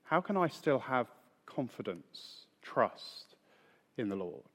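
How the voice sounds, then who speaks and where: Man preaching slow and steady, leans hard on key words, long hall echo behind him. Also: mid-range voice. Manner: measured, emphatic, slows for key phrases. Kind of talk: sermon. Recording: long reverb in a large hall.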